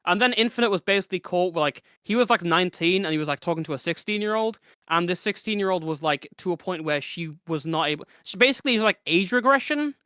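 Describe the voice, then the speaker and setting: A young man with a high, bright and crisp voice rambles quickly through a story. He stumbles over his words and restarts often. The recording is dry and close. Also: lively intonation, no room sound. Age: teens. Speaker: guest. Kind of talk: casual chat.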